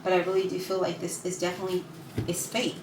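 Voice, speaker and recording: Give me a woman with a lowish voice reading tarot in an effusive, chatty way, recorded in an echoey room with steady noise. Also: quick pace. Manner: effusive, keeps asking "right?" and "you guys". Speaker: tarot reader. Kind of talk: casual spoken tarot reading.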